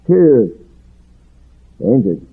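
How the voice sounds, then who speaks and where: A man preaching a sermon in a rhythmic, swooping cadence, building to shouted refrains. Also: medium pitch, very animated, slow pace, husky. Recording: tinny phone-like sound.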